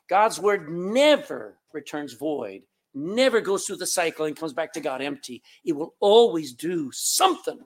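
A man with a Texan accent preaching a sermon as pastor of his church, emphatic and repeating words, calling out to the congregation. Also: on the high side. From Texas. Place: church sanctuary.

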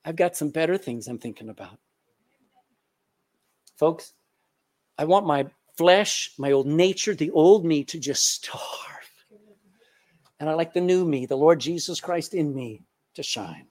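A man in his sixties, a pastor preaching a sermon and leading a closing prayer, asking the congregation questions and swinging between loud and hushed delivery. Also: fairly high pitch, expressive, a little slow, long pauses.

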